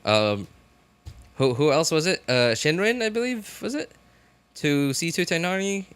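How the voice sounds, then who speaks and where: A man's voice: fairly high pitch, lively intonation, measured pace, fairly bright tone, clean tone, no room sound. Chatty male game streamer. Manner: chatty, laughing, talks to chat. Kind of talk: casual live-stream chat. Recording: faint music behind.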